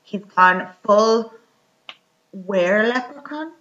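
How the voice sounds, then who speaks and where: A young woman recapping a film in casual chat, telling it lively and full of "like". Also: mid-range voice, takes it slowly. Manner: chatty, lively retelling full of "like" and quoted lines. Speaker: podcast co-host. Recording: echoey room, slightly dull sound.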